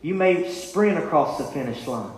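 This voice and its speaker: Male preacher, fervent and rising, higher voice, echoing church hall. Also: expressive, normal speed. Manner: rising, impassioned preaching with repeated calls. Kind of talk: sermon. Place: church sanctuary.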